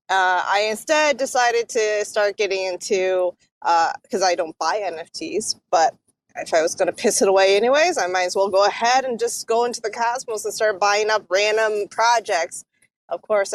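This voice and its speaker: A woman chatting as a guest on a live audio space, giggling often and rambling through her stories. Her voice sits at a middle pitch. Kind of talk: casual chat.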